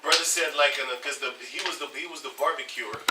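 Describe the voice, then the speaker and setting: A man's voice: medium pitch, fast talker. A man telling stories in a casual group chat as its leader, acting out other people's lines as he goes. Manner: animated storytelling, acts out others' lines. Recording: echoey room from far off, faint noise.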